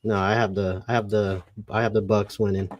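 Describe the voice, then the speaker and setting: A man co-hosting a casual chat, speaking in a relaxed, quiet way and laughing easily. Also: lowish voice, fairly quick, no echo.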